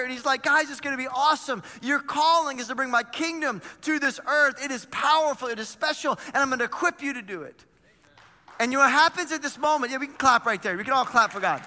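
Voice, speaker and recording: A male pastor preaching an energetic sermon in a church, retelling scripture with lively paraphrased dialogue. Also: very high voice, big-room sound.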